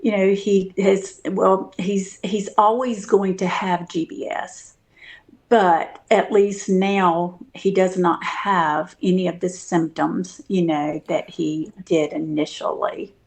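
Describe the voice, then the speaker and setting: A woman's voice: fairly low pitch, little pitch movement, slow pace, a little mellow. A woman guest telling a personal story in casual interview talk, earnest and full of fillers and restarts.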